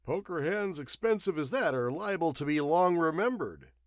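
A man's voice: on the high side, lively intonation, normal speed, no echo, studio quality, voice pushed up. A man voicing an inquisitive newspaper reporter who asks probing questions casually in a storybook reading.

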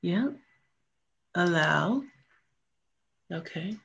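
A man's voice: high-pitched, expressive, extremely slow, gravelly, fairly bright tone, slightly rough, dull audio. A man hosting a livestream, muttering offhandedly as he sets up his screen share and plays a clip. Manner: offhand, muttering tech setup. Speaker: livestream host. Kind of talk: casual livestream commentary.

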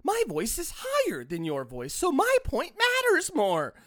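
A whiny, self-important podcaster man whose voice squeaks higher and higher, as a man mocks him. The pitch jumps around wildly and the sound is dry and close. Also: huge pitch swings, unhurried, a bit bright, no echo, exaggerated voice. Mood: mocking. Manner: mocking, pitch rising shrilly as he argues.

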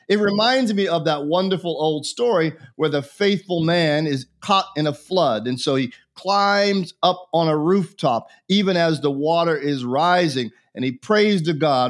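A man's voice: a little high, normal speed. A bishop being interviewed, a man who talks in an earnest, preacherly way and repeats phrases for emphasis. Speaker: bishop, guest. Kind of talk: conversational religious interview.

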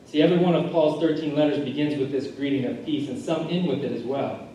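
A male pastor delivers a sermon in an earnest, mellow voice that sits a little high, circling back over his phrases as he builds each point. He is heard from a distance in a big, booming hall, with faint noise underneath. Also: fast talker. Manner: earnest preaching with repeated phrases and restarts. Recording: echoey church hall recording from far off.

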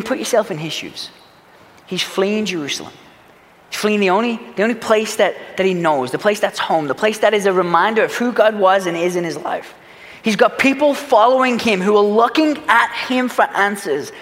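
A man preaching a sermon as a pastor, earnest, swinging from loud urgency to hushed reflection. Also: high-pitched, in a large hall. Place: church sanctuary.

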